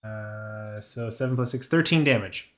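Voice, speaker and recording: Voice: medium pitch, a little slow, fairly bright tone. A player in a tabletop game, hesitantly working out the rules aloud.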